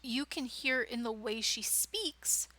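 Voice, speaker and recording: A woman's voice: on the high side, animated, slow pace, sharp tone. A woman giving an informal writing workshop, chatty and enthusiastic, with frequent digressions. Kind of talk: informal lecture.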